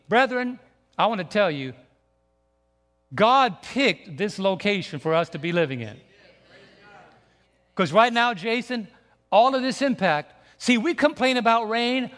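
A man's voice: sits high, expressive, a little slow, pauses often, fairly bright tone, in a large hall. A man preaching a sermon to his congregation, emphatic and repetitive, often restarting his phrases. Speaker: pastor. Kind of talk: sermon with slides. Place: church sanctuary.

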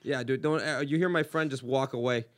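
A man in his thirties from Los Angeles with an American accent, hosting a podcast with crude, animated storytelling and frequent laughter. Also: medium pitch, brisk. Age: 30s. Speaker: comedian podcast host. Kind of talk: casual podcast chat.

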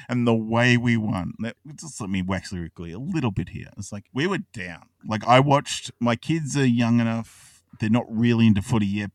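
A man in his thirties with an Australian accent, an excitable podcast co-host who tells a long story, swears and laughs often. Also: fairly low pitch, dry recording, recorded from a distance. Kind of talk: casual chat.

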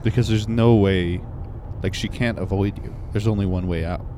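A man co-hosting a casual comedy podcast, goofy and lively in his replies. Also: lowish voice, moderate pace, a little hiss or hum. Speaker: podcast co-host.

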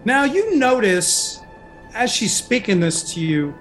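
A man's voice: sits high, very animated, takes it slowly, a bit bright, soft background music. A man narrating as game master, rambling with many fillers.

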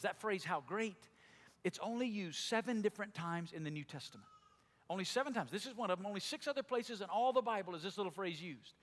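A man from Alabama with a Southern drawl, preaching a sermon as pastor, moving between loud exclaiming and slow, quiet emphasis. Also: high-pitched, animated, big-room sound. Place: church sanctuary.

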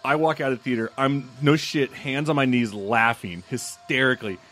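A man's voice: mid-range voice, normal speed, fairly bright tone, faint music behind. A man who is a film critic, telling a profane story in casual podcast chat and laughing through it.

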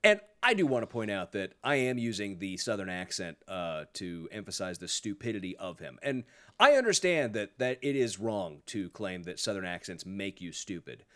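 A man's voice: lowish voice, big pitch swings, normal speed, sharp tone. A man hosting a podcast, giving sarcastic, profane political commentary in a mocking tone. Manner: sarcastic, swears a lot, mocking. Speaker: podcast host.

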